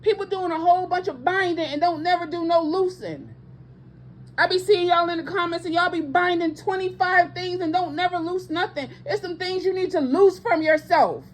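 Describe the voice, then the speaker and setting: Preaching with passion to online viewers, a woman ministry host stresses and repeats her points, using speech patterns and casual asides. She speaks at normal speed in a very high-pitched voice with fairly even intonation, over slight background noise.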